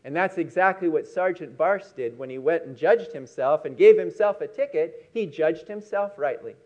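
A man preaching a sermon, telling a story with emphatic, slowed key words. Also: fairly high pitch, a little mellow.

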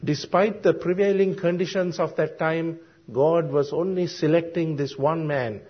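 A man preaching a sermon, explaining Bible verses slowly and deliberately with frequent ums and uhs. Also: on the high side, fairly even intonation. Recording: dull lo-fi sermon recording.

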